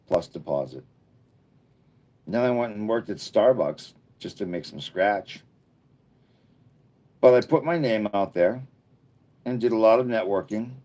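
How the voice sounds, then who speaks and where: A middle-aged man hosts a laid-back livestream and talks straight to his few viewers. His voice sits a bit low, and he rambles through stories with plenty of restarts. He turns earnest and encouraging when he gives advice. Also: warm tone. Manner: rambling storytelling with frequent restarts. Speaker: livestream host. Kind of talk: casual livestream chat with viewers.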